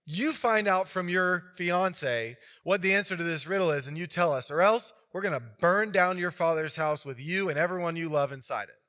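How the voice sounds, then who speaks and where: A gang of brash, taunting young men, loud and bright, pushing their voices up with swagger, as a preacher acts them out. They sound menacing and cocksure. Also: male voice, high-pitched, animated, moderate pace, few pauses, in a large hall.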